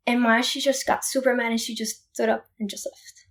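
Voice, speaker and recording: A young woman from Puerto Rico, a podcast guest, retelling a family story in an animated, emphatic way with many restarts. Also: on the high side, fairly quick. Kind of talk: casual storytelling.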